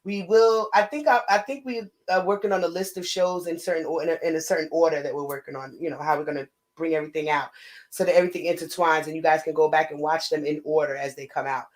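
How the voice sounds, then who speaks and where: A woman co-hosting a casual live-stream chat with a New York accent, talkative and playful with shout-outs. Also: sits low, fairly even intonation, fast, rough recording. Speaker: co-host.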